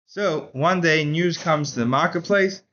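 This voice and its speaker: A man teaching a Chassidus class in a casual, animated storytelling way, saying "like" often. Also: fairly high pitch, unhurried, lo-fi sound, a little hiss or hum. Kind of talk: Torah class lecture with storytelling.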